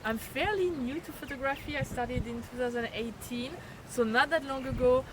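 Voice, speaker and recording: A woman's voice: high voice, normal speed, noisy background. A woman from France with a French accent, a photographer guest chatting eagerly in an interview, recorded outdoors. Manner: enthusiastic, many fillers. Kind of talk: casual interview chat. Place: outdoors at a birding event.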